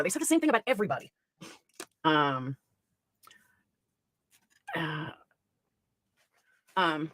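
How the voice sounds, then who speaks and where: A woman's voice: on the high side, sing-song, fairly bright tone, no echo. A woman streamer ranting angrily and profanely while reacting to a clip. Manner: profane, heated, rapid-fire. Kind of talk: angry ranting commentary.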